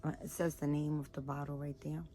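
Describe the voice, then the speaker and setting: Yawning and worn out, a vlogger who has a daughter talks to camera about her baby doll purchases, rambling and full of fillers. Her low, warm voice comes out flat and fairly quick, with a little hiss or hum in the background.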